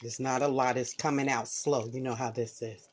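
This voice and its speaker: A woman's voice: rumbling low, steady tone, moderate pace, slight background noise. Chatty woman cooking and tasting at home. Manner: chatty, talks to viewers while cooking and tasting; drops to soft murmurs over the food. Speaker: home cook and channel host. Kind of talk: casual cooking vlog. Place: home kitchen.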